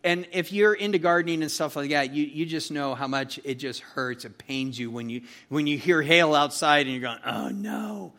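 A man with a slightly raised pitch teaching a verse-by-verse sermon. He talks in a folksy, chatty way, full of fillers, and keeps checking in with his listeners. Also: normal speed, few pauses, fairly bright tone. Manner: folksy and chatty, asks "okay?" and "you know", with many fillers. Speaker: pastor teaching a Bible study.

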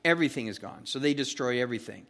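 A pastor giving a conversational verse-by-verse sermon in a folksy, chatty way, often checking in with "okay?" and "you know". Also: male voice, medium pitch, lively intonation, racing, a bit bright. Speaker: pastor teaching a Bible study.

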